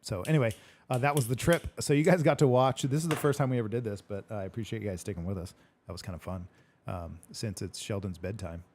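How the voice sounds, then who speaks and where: A man's voice: on the low side, fast talker, a little mellow, slight background noise. A man hosting a casual podcast chat, swearing freely and acting out the arguments in his stories. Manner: swears a lot, retells arguments animatedly. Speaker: podcast host.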